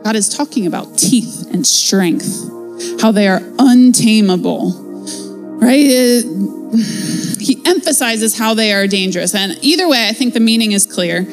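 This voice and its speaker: A woman's voice: on the high side, animated, measured pace, faint music behind. A woman giving a casual, conversational devotional Bible teaching in a chatty, playful way.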